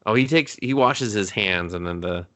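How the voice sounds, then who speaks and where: A man's voice: fairly low pitch, a bit bright. A man co-hosting a casual movie review podcast, joking and swearing freely as he talks. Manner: joking, swears freely, slips into quick mock voices.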